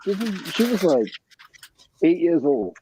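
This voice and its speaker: A dad tells a story in a chatty, anecdotal way, his pitch moving freely. His tone is dark and mellow, with faint hiss behind it. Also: sing-song, measured pace, poor audio. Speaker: father. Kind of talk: casual storytelling in a group chat.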